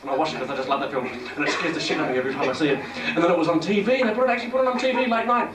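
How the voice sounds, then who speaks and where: A man's voice: a little high, rapid-fire. A young Australian man doing brash, crude, mocking stand-up crowd work on a pub stage. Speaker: comedian. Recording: echoey pub from a far camera.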